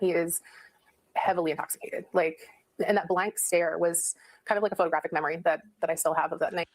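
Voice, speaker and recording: A woman interviewee tells her own account, hesitant and peppered with fillers. She speaks quickly, in a fairly low voice for a woman. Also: steady tone, a little hiss or hum, low-quality recording. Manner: hesitant, full of "like". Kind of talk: recounting a personal account in an interview.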